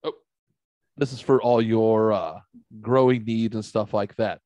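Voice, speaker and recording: A man's voice: fairly low pitch, fairly even intonation, measured pace, dark tone, dry recording. A middle-aged man from the St. Louis area, hosting a podcast and telling a story in casual, profanity-filled chat. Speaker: podcast host.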